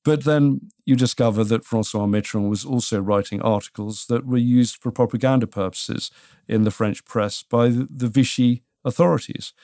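A British man co-hosting a casual history chat, telling it in a measured, dryly wry way. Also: medium pitch, fairly even intonation, a little mellow, no echo, clean studio sound. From Britain.

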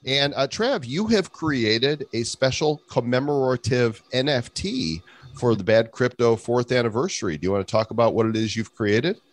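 A man's voice: medium pitch, normal speed, no room sound. A man co-hosting a podcast, chatting casually and jokily. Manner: animated, jokey, breaks into voices. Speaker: podcast co-host. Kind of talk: casual chat.

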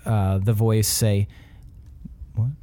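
A relaxed man running a tabletop game as game master. His voice sits low with a mellow, dark tone. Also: a little slow.

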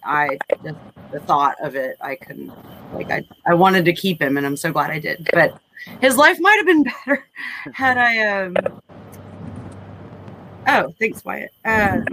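A woman's voice: lowish voice, noisy background. A woman in her forties speaking candidly in a casual panel discussion, rambling with frequent restarts. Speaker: panel guest.

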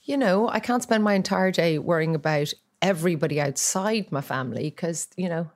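A middle-aged Irish woman in casual chat, telling self-mocking stories in an animated way. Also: lowish voice, a little fast. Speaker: podcast co-host, actress, mother.

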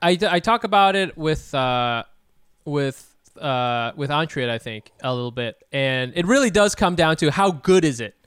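Smooth-voiced rambling podcast co-host man. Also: fairly high pitch, expressive, normal speed, fairly bright tone, dry recording, clean studio sound. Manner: rambling with fillers and restarts. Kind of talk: casual podcast chat.

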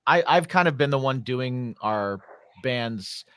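A man's voice: medium pitch, lively intonation, slow pace, fairly bright tone, slight background noise. A man hosting a podcast, chatting in an easygoing, self-deprecating way. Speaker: podcast host, musician. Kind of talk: casual podcast chat.

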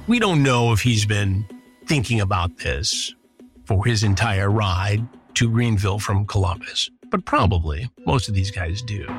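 A man hosting and narrating a true-crime story, with dry, sarcastic asides. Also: lowish voice. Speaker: podcast host narrating a past sting.

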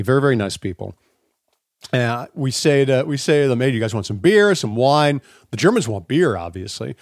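A middle-aged man co-hosting a podcast, telling stories in a casual, profane, animated way. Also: mid-range voice, dry recording, studio quality. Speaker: podcast co-host. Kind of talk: casual chat.

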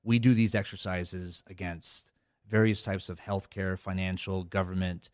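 A man's voice: deep voice, little pitch movement, unhurried, no room sound, clean studio sound. A man talking as a guest on a podcast interview, rambling with many fillers and restarts. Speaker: cybersecurity guest. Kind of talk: casual interview talk.

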